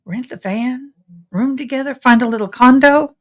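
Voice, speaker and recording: A woman's voice: fairly high pitch, normal speed. A tired woman, chatting casually and rambling to viewers on a home livestream. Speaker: livestream host commenting on a trial.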